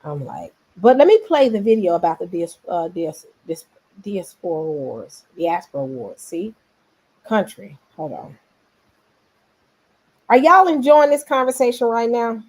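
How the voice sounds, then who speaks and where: A woman from Memphis with a Southern accent, hosting a casual commentary vlog, animated and rambling as she talks straight to her viewers. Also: mid-range voice, measured pace. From Memphis, Tennessee. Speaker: vlogger host.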